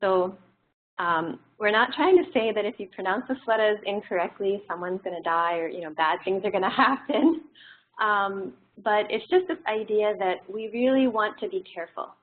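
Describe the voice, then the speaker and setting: A woman's voice: medium pitch, normal speed. Lady explaining stuff to a class, lots of ums, sounds like a phone line. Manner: relaxed, explanatory with frequent fillers. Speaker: teacher. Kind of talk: classroom lecture. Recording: tinny phone-like audio.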